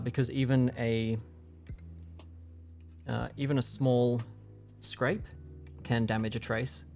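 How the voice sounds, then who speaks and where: A man's voice: mid-range voice, vocal fry, darkish tone. A young man casually explaining a keyboard build on a livestream, rambling with lots of fillers. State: hiccuping.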